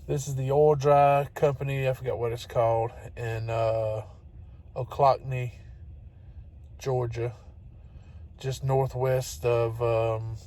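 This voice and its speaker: Speaking slowly with long pauses, this man has a warm, mid-range voice that barely shifts in pitch. He's a truck-driving vlogger ranting casually to his phone camera between the truck cab and loading dock, chatty, exasperated and quick to laugh.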